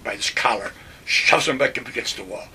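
An older man from Western New York, a WWII veteran, telling his stories in a recorded oral history, animated and acting out the voices of others. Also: mid-range voice, fairly quick, recorded from a distance, background noise. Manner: animated storyteller, acts out quotes, chuckles.

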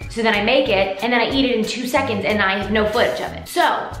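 A woman's voice: fairly high pitch, fast, a bit bright. A woman vlogger chatting playfully through a cooking demo, bubbly and full of slang, at home in her kitchen. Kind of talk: casual cooking demo chat. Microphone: vlog camera. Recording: roomy kitchen echo, faint music.

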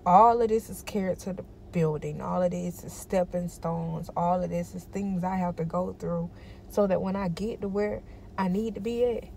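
A woman's voice: on the low side, steady tone, moderate pace, vocal fry, darkish tone, a little hiss or hum. A tired woman in a personal vlog, talking emphatically and repeating herself to encourage herself. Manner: emphatic, repetitive, self-encouraging. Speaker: vlogger.

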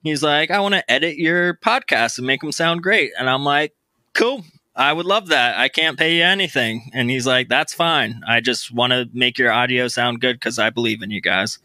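A podcast host chats casually over a remote recording mic, playful and laughing often. His medium-pitched voice, at normal speed, comes across pushed and bright in a dry recording.

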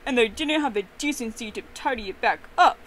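A woman voicing a fussy, indignant father bear who shouts and huffs in a storytelling piece. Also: a little high, expressive, a little fast, slight background noise. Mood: hissing. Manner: loud, huffy and indignant.

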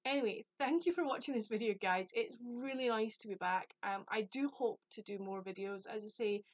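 A woman's voice: fairly high pitch, a little fast, no echo. Chatty woman from the UK, dry muffled sound. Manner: chatty, rambling, self-deprecating. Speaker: book vlogger. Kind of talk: casual chat.

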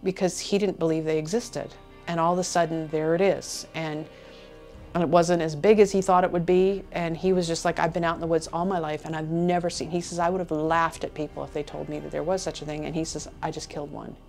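Woman interviewee, lowish voice, earnest retelling with quoted lines, soft music bed. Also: level tone, a little fast. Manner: earnest retelling that slips into quoting others. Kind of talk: casual storytelling.

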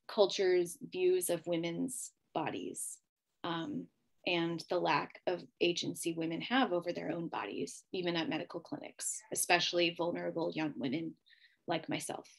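Low-voiced woman telling a personal story. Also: little pitch movement, measured pace, gravelly. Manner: candid and emotional, with frequent fillers. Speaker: podcast host.

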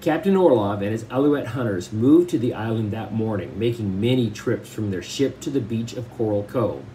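A man reads a novel aloud chapter by chapter and breaks off to explain it in casual asides. His voice is mellow and relaxed, and a faint hiss sits under the recording. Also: lowish voice, moderate pace, poor audio.

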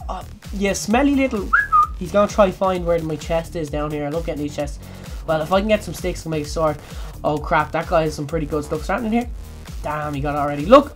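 A young woman giving jokey, excitable let's play commentary, breaking into sudden loud yelps. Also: sits low, fairly quick, faint music behind. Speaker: gaming channel host.

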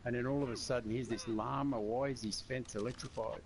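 Man, voice chat, rambling storyteller, mid-pitched voice, noisy audio. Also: fairly even intonation, brisk, vocal fry. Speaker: friend on voice chat. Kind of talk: casual chat during a game stream.

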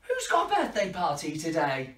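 A woman hosting an interactive children's party show, playful and animated as she coaxes the kids to join in. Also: fairly low pitch, moderate pace, far from the mic. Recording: echoey room, voice from off-mic.

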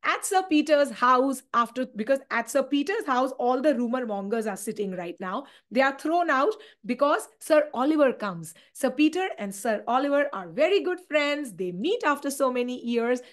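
A woman teacher with an Indian English accent retelling a play in an animated exam-prep lecture, dropping in Hindi asides. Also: high-pitched, moderate pace, hardly any pauses. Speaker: literature teacher.

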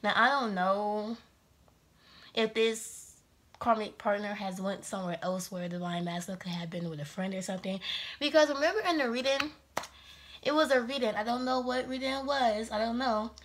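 A woman's voice: on the high side, a little fast, slight background noise. A woman giving a casual, rambling tarot reading to her viewers, slightly out of breath and laughing often. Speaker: tarot reader.

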